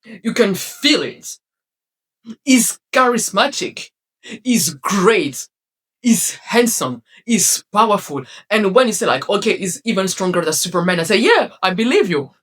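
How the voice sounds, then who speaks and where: A woman vlogger ranting to camera about a TV series, passionate and exasperated, swinging between loud outbursts and low mutters. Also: lively intonation, a little slow, husky. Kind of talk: casual rant to camera.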